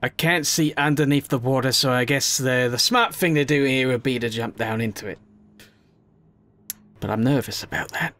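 A man's voice: mid-range voice, moderate pace, fairly bright tone. A young man giving rambling, self-mocking commentary as he plays a video game. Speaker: gaming YouTuber. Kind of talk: casual gameplay commentary.

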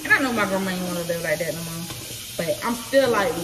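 A young woman tells a personal story to her viewers in a slow, halting way, full of fillers. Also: lowish voice, expressive, background noise. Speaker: vlogger. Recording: echoey room from a distance, running water.

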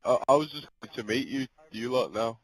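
A man on a headset in game party chat, speaking quietly and mumbling. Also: mid-range voice, brisk, poor audio. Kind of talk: casual gaming chat.

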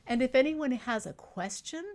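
A middle-aged woman storyteller guiding young children through a simple craft and answering their questions slowly and clearly. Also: high-pitched, expressive. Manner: warm, patient, slow and clear for young children.

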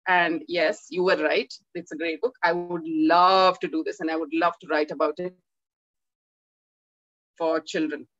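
A woman gives a talk as an author and tells stories by acting out the dialogue in lively quoted voices. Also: sits low, measured pace, dry recording, lo-fi sound, faint music behind. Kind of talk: animated storytelling talk.

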